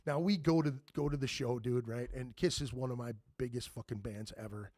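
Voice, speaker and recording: A man's voice: mid-range voice, fairly even intonation, a little fast, hardly any pauses, darkish tone, no room sound. A man in his fifties hosting a podcast, telling rambling anecdotes in casual chat and swearing freely. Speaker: podcast host.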